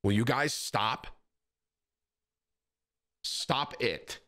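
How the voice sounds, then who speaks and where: A man's voice: medium pitch, drawn-out words. A man in his thirties chatting casually and jokingly to his live-stream audience, dropping "bro" often. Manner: loud, joking, says bro a lot.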